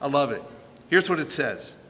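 Man, preacher, sermon, bright voice, animated rhetorical questions, echoey hall. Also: a little high, normal speed.

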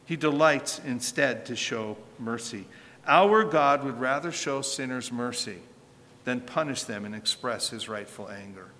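Bright-voiced man preaching in a hall. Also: mid-range voice, unhurried. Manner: emphatic preaching, rising and falling in force, rhetorical questions. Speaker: pastor. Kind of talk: sermon. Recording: reverberant hall with faint ambience.

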